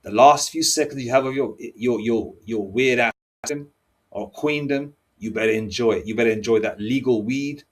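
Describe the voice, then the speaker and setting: Husky-voiced man preaching angrily. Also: medium pitch, moderate pace. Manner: combative, repeats "all right?" and "okay?" after lines. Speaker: religious teacher. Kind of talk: angry preaching with scripture reading.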